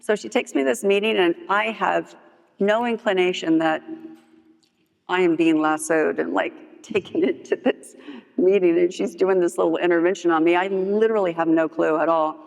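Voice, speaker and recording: Her voice is gravelly and her pace normal as she shares her recovery story at a meeting, casual and candid, full of "like" fillers. She brings the story to life by playfully acting out other people's lines in a higher voice, with humor. The large hall recording carries long reverb.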